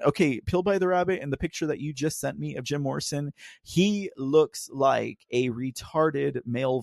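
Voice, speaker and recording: A man's voice: mid-range voice, gravelly, a little mellow, no echo, studio quality. A man with a Texan drawl hosting a casual live stream, rambling, laughing often and talking straight to his chat. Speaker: livestream host.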